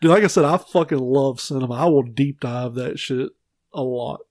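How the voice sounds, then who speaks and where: A man co-hosting a casual podcast, telling movie stories with lots of swearing and shouted impressions. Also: medium pitch, moderate pace, no room sound. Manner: profane, animated storytelling with shouted impressions. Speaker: podcast co-host. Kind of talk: casual chat.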